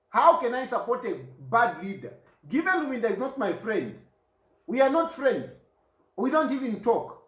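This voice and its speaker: A man's voice: extremely high pitch, a bit bright, reverberant. A Zambian man delivering an impassioned political rant, indignant and fond of repeated rhetorical questions. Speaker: political commentator.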